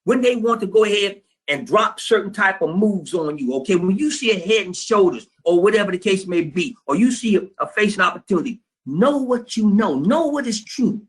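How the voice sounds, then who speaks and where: A man's voice: sits high, lively intonation, brisk, hardly any pauses. A man teaching a trading class, telling a blunt, profane story and acting out both sides of a phone call. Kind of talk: storytelling lecture to students.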